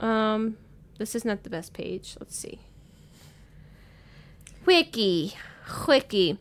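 A woman's voice: mid-range voice, fairly even intonation, a little slow. A woman co-hosting a podcast in casual chat, reading out facts in a playful, joking way. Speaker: podcast co-host.

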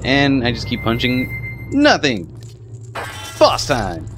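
A young man giving casual let's-play commentary, excitable and quick to swear and yelp when the game goes wrong. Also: medium pitch. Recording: game music behind voice.

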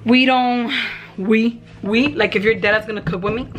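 A woman's voice: a little high, steady tone, normal speed, background noise. Stressed young woman rambling to camera. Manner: rambling, fillers like "like" and "you know what I mean". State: stressed and low. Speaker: vlogger. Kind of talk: casual confessional vlog.

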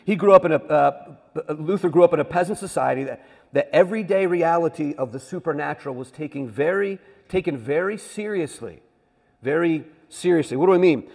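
A man's voice: a little high, a little fast, creaky, a little mellow, slightly rough, long reverb tail. A man teaching a church history class in a conversational way, often asking the listeners rhetorical questions.

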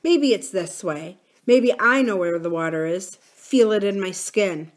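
Brief: woman reading a musing, gentle older farmer in an audiobook-style reading. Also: high-pitched, unhurried.

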